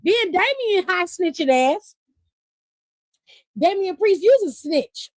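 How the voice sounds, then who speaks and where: A woman hosting a live stream, recapping wrestling in casual chat, animated, profane and laughing often. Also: very high-pitched, slow pace, dry recording.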